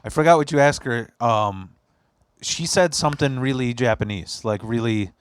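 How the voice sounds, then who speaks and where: A man hosts a loose podcast chat, spinning a long story with bursts of laughter and plenty of swearing. His voice sits at an ordinary middle pitch, and the sound is dry and close, with no room around it. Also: moderate pace, clear, resonant tone, dry recording. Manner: laughing storyteller, profane and teasing. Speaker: podcast host. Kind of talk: casual chat. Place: basement.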